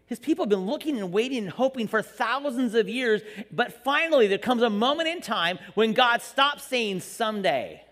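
A man's voice: very high voice, normal speed, hardly any pauses, big-room sound. A man preaching a sermon in a church, telling the story with jokes and acting out the quotes. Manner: animated, jokey storytelling with acted-out quotes. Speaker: pastor.

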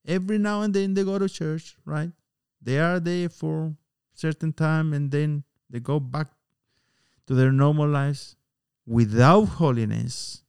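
Man preaching a sermon, slow and deliberate, mellow smooth voice, earnest and emphatic. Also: on the high side, no room sound, studio quality. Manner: earnest, emphatic, with pauses and fillers.

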